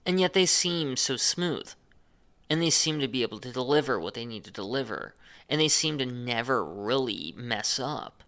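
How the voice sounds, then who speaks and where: A man speaks alone in a deliberate, chopped monologue, leaning hard on the words he means to stress. His pitch swings widely from phrase to phrase, and his voice has a gravelly edge. The tone is bright and forward. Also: expressive. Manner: chopped, overly emphasized phrasing; unedited, speaks off the cuff. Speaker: channel host.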